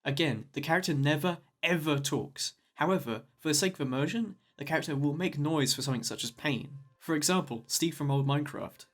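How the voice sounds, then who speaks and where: A man's voice: fairly high pitch, brisk, few pauses. Wry man narrating a video essay. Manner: wry, jokey asides.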